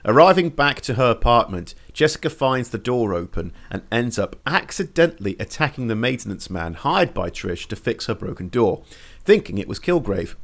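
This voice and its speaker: A man's voice: mid-range voice, big pitch swings, normal speed. A man hosting a casual podcast, eagerly recapping a TV episode and chatting with his co-host.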